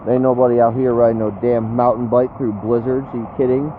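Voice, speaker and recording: A man's voice: mid-range voice, level tone, fairly quick. A man chatting casually on a live stream, brash and slangy, swearing freely. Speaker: storm chaser streaming live. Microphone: phone. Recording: tinny phone-like audio with faint noise.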